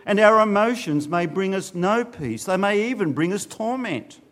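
A man preaching a sermon, earnest, often putting questions to his listeners. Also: on the high side.

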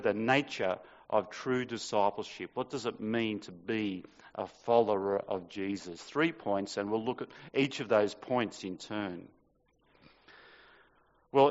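A man's voice: fairly high pitch, a little slow, fairly bright tone. A man preaching a sermon in a church, reading scripture and raising his voice dramatically on the quoted cries. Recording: dull sound in a long-reverb hall.

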